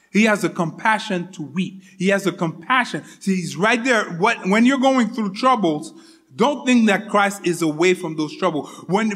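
A man preaching a sermon, repeating his points with emphasis and often dropping to a soft, intimate tone. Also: high voice.

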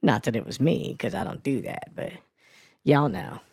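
A man voicing a brash, foul-mouthed woman who reads crude news and weather on a comedy radio show, ranting with a gravelly sass. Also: medium pitch, expressive, moderate pace, darkish tone, dry recording, clean studio sound. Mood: sassy. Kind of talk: comedy radio character bit.

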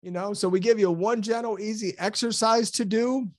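A man's voice: high-pitched, fairly even intonation, normal speed. A man speaking as a guest on a podcast interview, enthusiastic and preacherly as he tells stories and quotes scripture, laughing often. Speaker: health program guest.

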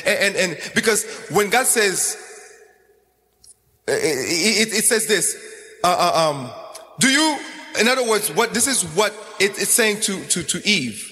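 A man's voice: high voice, expressive, a little slow, sharp tone, in a large hall. A man preaching a sermon in a sing-song, chanting style, repeating phrases as he goes.

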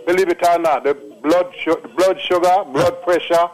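A man's voice: high-pitched, steady tone, normal speed, poor audio. A man in his late sixties with a Jamaican accent, calling in to give an emphatic testimonial, repeating himself and slipping into patois. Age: late 60s. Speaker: caller. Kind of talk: phone-in testimonial.

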